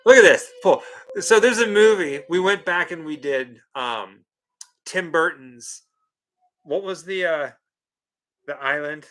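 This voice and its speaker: Bright-voiced animated male co-host. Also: fairly high pitch, slow pace, long pauses. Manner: animated, incredulous, teasing. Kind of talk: casual livestream chat.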